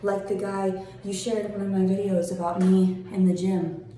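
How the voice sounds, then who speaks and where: A woman ranting in a vlog, sarcastic and mocking, swearing and swinging between high taunts and low mutters. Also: monotone, normal speed, warm tone, a little hiss or hum. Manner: sarcastic, mocking, calls the listener "honey". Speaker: vlogger. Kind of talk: angry vlog rant. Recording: very echoey room.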